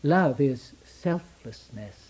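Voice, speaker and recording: A man preaching a sermon, asking rhetorical questions and answering them in short, repeated phrases, rising to loud emphasis and then dropping to hushed, slow lines. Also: medium pitch, lively intonation, a little hiss or hum, poor audio. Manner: slow deliberate stresses on key phrases.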